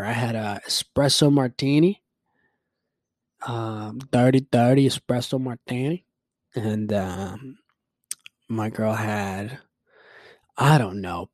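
Man, host, casual solo rant, heavy swearing, self-mocking, rambling, medium pitch, dry close recording. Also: a little mellow, dry recording. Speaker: podcast host.

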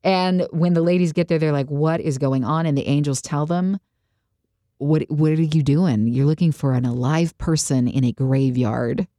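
A woman's voice: sits low, moderate pace, warm tone, no echo, clean studio sound. A woman in casual conversation, retelling a story with animation and acting out the quotes. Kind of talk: casual faith discussion.

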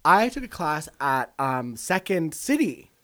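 A man putting on a self-absorbed film actress who gushes and swoops through a wide, lively pitch range, gossiping and then turning touchy. Her voice sounds close and dry, as if recorded over an online call, with no room around it. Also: unhurried, no echo. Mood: boastful. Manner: gossipy, over-the-top, defensive. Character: vain, dramatic female film star. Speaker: comedy podcast guest. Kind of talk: improvised comedy impression.

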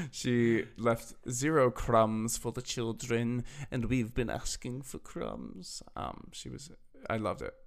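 Lively teasing man with a gravelly voice. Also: medium pitch, takes it slowly. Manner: teasing, laughs often, animated. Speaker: podcast co-host. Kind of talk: casual chat.

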